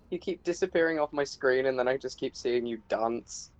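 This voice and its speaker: A man who hosts a channel and games chats casually over voice chat during a video game, laughing often. His voice is medium-pitched, picked up by a desktop mic, and the recording quality is low.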